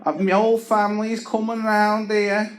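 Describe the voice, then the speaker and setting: A man's voice: high voice, little pitch movement, normal speed, voice pushed up, natural voice. A man putting on a wheedling, cadging neighbour. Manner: wheedling, chummy pleading. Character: dim, pushy male neighbour cadging favours. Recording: echoey club with crowd laughter.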